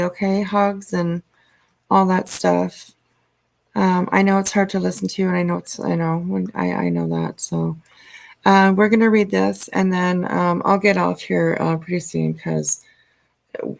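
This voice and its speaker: A woman hosting a livestream, reading news aloud and commenting in a halting way with frequent ums and uhs. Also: fairly low pitch, gravelly. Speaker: livestream host.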